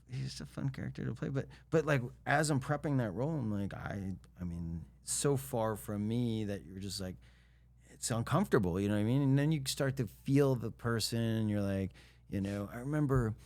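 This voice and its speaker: A middle-aged man who is an actor, telling stories in a casual interview, acting out quotes and laughing often. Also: on the low side. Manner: animated storyteller, laughs often, acts out quotes. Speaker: actor guest.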